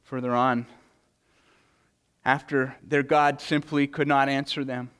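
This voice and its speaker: A man preaching a sermon in an earnest way, often repeating words as he goes and reading scripture with dramatic swings of pitch and loudness. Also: flat delivery, slow, smooth. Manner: earnest preaching with frequent word repetitions. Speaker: pastor.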